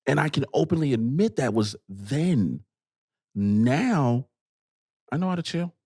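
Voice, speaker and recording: A man's voice: medium pitch, lively intonation, measured pace, a little mellow, no room sound, studio quality. A man guesting on a podcast, chatting casually in a candid, emphatic way and repeating phrases for effect.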